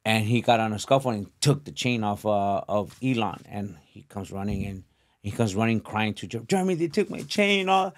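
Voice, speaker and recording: A man's voice: lowish voice, steady tone, normal speed. A man who is a guest on a podcast, telling rambling anecdotes in casual chat.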